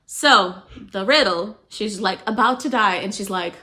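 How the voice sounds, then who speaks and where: A woman talks through a novel's plot in a loose, conversational way. Her voice is bright and forward, and her speech is full of "like" and "you know". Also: mid-range voice, a little slow, hardly any pauses. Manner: chatty and animated, heavy use of "like" and "you know". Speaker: book explainer. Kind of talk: casual plot retelling.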